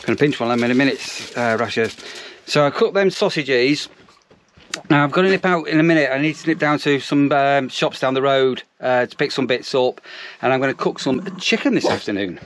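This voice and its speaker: A man's voice: mid-range voice, fairly quick, a bit bright, a little hiss or hum. A man, a campsite warden chatting casually outdoors, rambling with lots of ums and restarts. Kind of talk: casual vlog narration.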